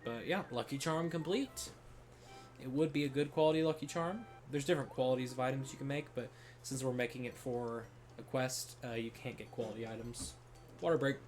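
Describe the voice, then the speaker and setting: A man streaming a game, talking in a relaxed, chatty commentary style to his viewers, with faint game music behind. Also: medium pitch, brisk.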